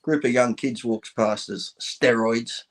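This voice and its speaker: A man co-hosting a casual podcast, spinning joking stories with lively, animated delivery. His voice sits in a middle register, relaxed and conversational. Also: mid-range voice, unhurried. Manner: animated anecdote-telling, joking. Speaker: podcast co-host. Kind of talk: casual storytelling chat.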